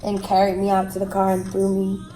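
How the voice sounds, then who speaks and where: A woman telling a personal story in an interview, frankly and with pauses and fillers. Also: mid-range voice, completely flat delivery, warm tone. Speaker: guest telling her own story. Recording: echoey room with faint music.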